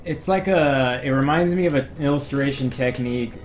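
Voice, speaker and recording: Relaxed male co-host for a let's play, riffs and jokes along, faint game music under him. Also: mid-range voice, moderate pace. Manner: laid-back, riffing and laughing along. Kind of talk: casual gameplay commentary.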